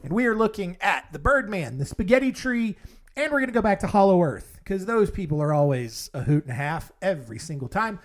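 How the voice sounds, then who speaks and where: A man hosting a podcast casually, his voice moving lively up and down as he recaps. He rambles with wry asides and plenty of fillers. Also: high-pitched, brisk. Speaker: podcast host.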